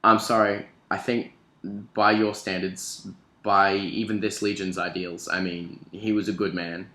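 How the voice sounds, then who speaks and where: A man's voice: sits low, level tone, measured pace, sharp tone. A man reading out the lines of an earnest young woman from a novel, in his own voice and an Australian accent. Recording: echoey room.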